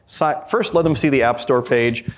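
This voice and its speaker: A man giving a live workshop talk at a conference, blunt and candid, acting out quoted dialogue with shifting pitch. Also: normal speed. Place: conference session with a live audience.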